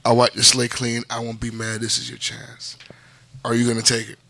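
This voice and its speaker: Bright-voiced man hosting a podcast, dry sound. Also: medium pitch, monotone, moderate pace, no room sound. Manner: loud, profane storytelling with frequent laughter. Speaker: podcast host. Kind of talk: casual podcast banter.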